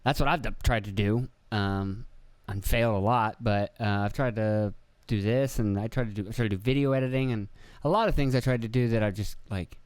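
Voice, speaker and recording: A young man hosts a casual solo podcast from an indoor room with a video camera, rambling, swearing, laughing at himself and acting out the voices he quotes. His voice is lowish and brisk with few pauses, and the sound is clean with no echo.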